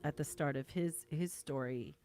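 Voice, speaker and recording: Low-voiced chatty woman guest. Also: normal speed, warm tone, dry recording, soft background music. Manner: chatty, rambling with many fillers. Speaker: guest game developer. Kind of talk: livestream interview conversation.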